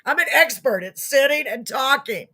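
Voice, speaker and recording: A woman's voice: high-pitched, expressive, normal speed, sharp tone, husky. A woman hosting a casual live online show, chatting to viewers in a friendly, self-mocking way. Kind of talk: casual livestream chat to viewers.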